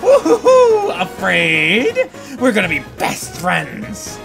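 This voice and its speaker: A let's-play gamer voicing a hot-headed fish-monster woman who captains the royal guard, gruff and blunt, slipping into awkward confiding. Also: mid-range voice, very animated, measured pace, music in the background. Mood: excited. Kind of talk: reading game dialogue aloud.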